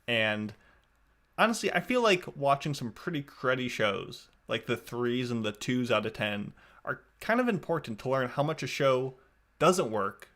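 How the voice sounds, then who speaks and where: A man's voice: medium pitch, sing-song, moderate pace, a bit bright. A man hosting a podcast in a casual, rambling, wry way, often restarting his sentences. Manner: rambling, self-correcting, wry. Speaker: podcast host.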